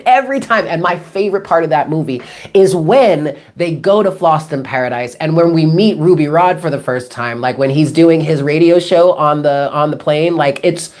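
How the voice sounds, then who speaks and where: Woman in her thirties, low pitch, casual tarot live stream, rambling and chatty, swears casually. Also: darkish tone. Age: 30s. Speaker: tarot reader.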